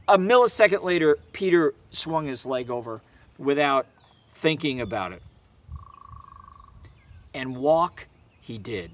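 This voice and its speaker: A man with a slightly higher voice delivers a sermon. His preaching is emphatic yet conversational, with casual asides and fillers. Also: fairly bright tone. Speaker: pastor.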